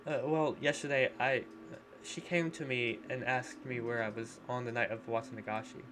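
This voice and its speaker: This is a concerned, well-mannered teenage girl from a visual novel, read aloud by a man. She pleads gently and earnestly. The pitch sits in an ordinary middle range over a faint background hiss. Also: fairly even intonation, normal speed, close to an everyday voice. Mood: worried. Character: polite, worried teenage girl.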